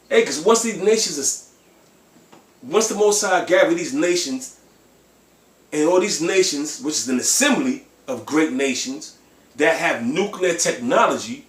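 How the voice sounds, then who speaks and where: Fiery preaching man, echoey room. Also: on the high side. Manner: emphatic, fiery, ends phrases with "man"; blunt and profane. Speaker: preacher on a livestream. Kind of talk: impassioned religious preaching.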